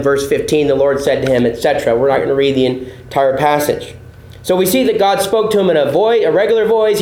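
High-voiced male pastor teaching in an echoey room. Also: darkish tone. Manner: explanatory, repeats points, asks the audience questions. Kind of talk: sermon teaching from the pulpit.

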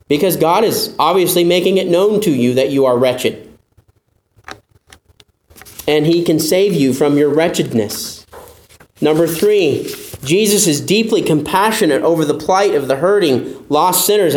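A man preaching a sermon as pastor, earnest and emphatic, sometimes acting out doubting listeners in a higher voice. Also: echoey room.

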